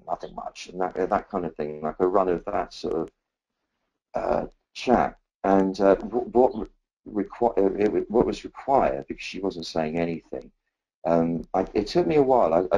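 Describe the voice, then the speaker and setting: A man giving a meditative spiritual talk, rambling and unhurried with many fillers and restarts. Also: low-pitched, a little mellow, low-quality recording. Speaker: spiritual teacher.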